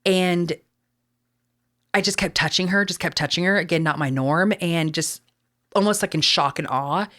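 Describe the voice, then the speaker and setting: A woman's voice: fairly low pitch, moderate pace, a bit bright. A woman from Texas with a Texan accent, talking casually as a podcast host, chatty and full of fillers with casual swearing. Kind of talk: casual chat.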